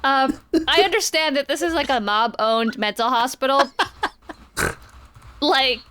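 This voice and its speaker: A woman's voice: high voice, unhurried, noisy background. Chatty woman recapping comics. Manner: chatty retelling with playful quoted voices. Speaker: podcast co-host. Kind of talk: casual comic book recap.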